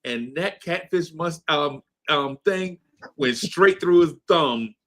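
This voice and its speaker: Man in his 50s, bright clear voice, kinda high, loose storytelling on a podcast, laughs a lot. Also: takes it slowly. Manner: laid-back, laughs often, repeats "right?". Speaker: podcast co-host. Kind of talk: casual storytelling chat. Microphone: streamed podcast mic.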